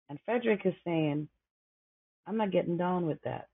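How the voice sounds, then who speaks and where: A woman's voice: on the low side, normal speed, long pauses, breathy edge, dry recording. A woman podcast host giving passionate, preachy commentary on a historic speech, talking straight to her listeners. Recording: tinny phone-like dry recording.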